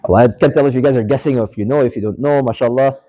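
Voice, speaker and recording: A man's voice: medium pitch, rapid-fire, warm tone, highs cut off. A man teaching an interactive religious studies class in a mosque, quizzing students and repeating key points for emphasis. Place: mosque lecture hall.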